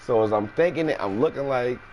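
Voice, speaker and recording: A man telling a story in a casual, animated and profane way, jumping into high voices when quoting people. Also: brisk, highs cut off, a little hiss or hum. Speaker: storyteller host.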